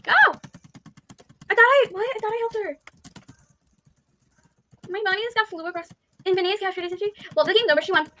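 A woman giving excitable, chatty gameplay commentary, thinking aloud and pleading loudly when things go wrong. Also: extremely high pitch, brisk, long pauses. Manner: thinks aloud, with frequent "let's see" and "I don't understand". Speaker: YouTuber playing an online game.

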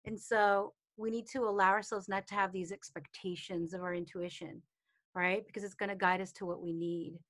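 A woman teaching about intuition and calm on a live video call, chatty, with many fillers and acted-out quotes. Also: mid-range voice, normal speed. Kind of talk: casual talk in a live online session.

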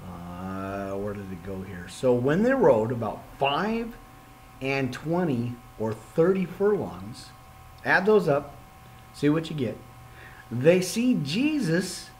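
A man leading an informal Bible study podcast, reading scripture aloud and breaking off into excitable, jokey asides. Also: mid-range voice, slow, a little hiss or hum, low-quality recording. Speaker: podcast preacher.

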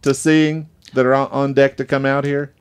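A man's voice: mid-range voice, level tone, normal speed, clean tone. Easygoing morning radio host, a man. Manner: easygoing, laughing along. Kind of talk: casual radio banter. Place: radio studio.

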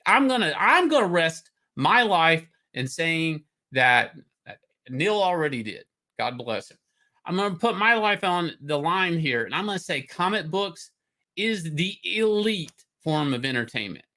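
Excitable swearing man ranting. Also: on the high side. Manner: loud, swearing, excitable, jumps from topic to topic. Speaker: comic artist and show host. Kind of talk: profane livestream rant.

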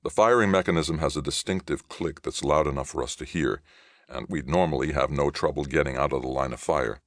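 A man voicing a calm, matter-of-fact young soldier in an audiobook. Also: rumbling low, brisk, dry recording, clean studio sound. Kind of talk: audiobook reading.

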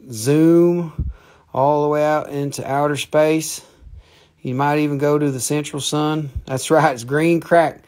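A man's voice: mid-range voice, a little mellow. A man with an Appalachian accent hosting a live crystal and mineral sales stream, with rambling, playful salesman banter. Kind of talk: joking live sales pitch.

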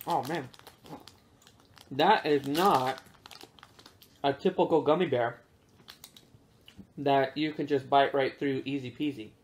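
A man casually reviewing snacks with his kids in a relaxed, chatty way, with plenty of fillers. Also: medium pitch, slow, pauses often, a little hiss or hum.

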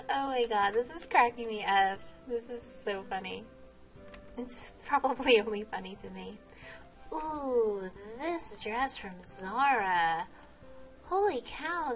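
Giggly woman vlogging a game, slow talk. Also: a little high. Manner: giggly, exclaims often. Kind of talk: casual game vlog commentary.

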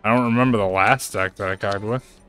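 A man giving casual gameplay commentary, excitable, playful and chatty. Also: lowish voice, a little fast, clean tone, faint music behind. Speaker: gaming streamer.

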